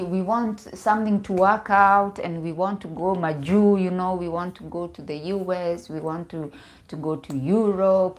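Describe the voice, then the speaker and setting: Woman in her forties, relationship coach doing a casual livestream; lowish voice, animated and outspoken. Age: 40s. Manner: animated, mixes in Swahili, repeats words.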